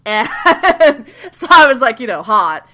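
A woman in casual chat, recapping a TV episode with lots of laughter and quick acted-out lines. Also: on the high side. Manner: animated, laughing, swearing, acts out characters in quick voices. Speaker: podcast co-host recapping a TV show.

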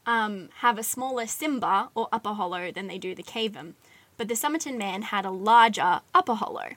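Bright-voiced woman telling a true-crime story. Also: mid-range voice, expressive, a little fast, no room sound. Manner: chatty storyteller, many "like"s, giggly asides. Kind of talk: casual chat.

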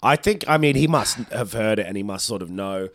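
A man's voice: on the low side, expressive, fairly quick, fairly bright tone, no room sound, clean studio sound. A man co-hosting a podcast, chatting casually, swearing freely and acting out what people say. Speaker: podcast co-host. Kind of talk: casual chat.

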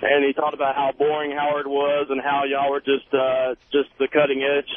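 A man's voice: medium pitch, monotone, moderate pace. Man calling in over a tinny phone. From South Carolina. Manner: friendly, folksy, with fillers. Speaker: caller.

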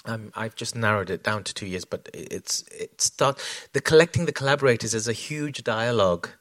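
A man's voice: fairly low pitch, brisk, a bit bright, dry recording. A man talking as a choreographer in an onstage conversation, reflective, with many fillers and restarts. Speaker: choreographer guest.

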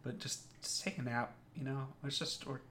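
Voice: medium pitch, fairly even intonation, normal speed, sharp tone. A podcast co-host signing off in a playful, drowsy way, telling listeners to go to bed. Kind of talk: casual chat.

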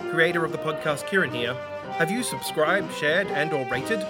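A man, the podcast's creator, giving a friendly, quick sign-off. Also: fairly high pitch, animated, loud music behind the voice.

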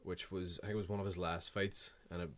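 Fast-talking bright-voiced man. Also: sits low, little pitch movement. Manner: rambling anecdotes with heavy swearing and fillers. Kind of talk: casual chat, storytelling.

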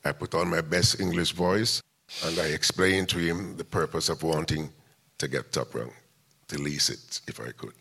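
An older man with a very low, deep voice talks as an interview guest. He tells a long story step by step and acts out what people said along the way. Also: steady tone, normal speed, vocal fry, pushed and bright, slightly rough. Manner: recounts events step by step, acting out quoted dialogue. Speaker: music promoter and interview guest.

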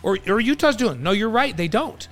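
A man's voice: high voice, very animated, moderate pace, fairly bright tone, faint music behind. A man from New York co-hosting a casual sports podcast, talking in a loose way full of restarts and repeated words. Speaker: podcast co-host.

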